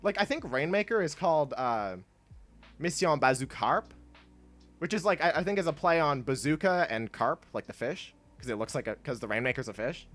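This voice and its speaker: A man's voice: fairly high pitch, animated, normal speed, a bit bright, faint music behind. A young man chatting casually while streaming a video game, rambling with lots of fillers and laughing often. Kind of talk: casual gameplay stream chat.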